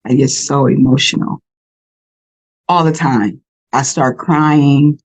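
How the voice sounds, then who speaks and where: A woman in her fifties, a podcast guest, telling her stories in an animated way and repeating words for emphasis. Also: extremely low pitch, slow pace, long pauses, rough recording. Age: 50s. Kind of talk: casual conversation.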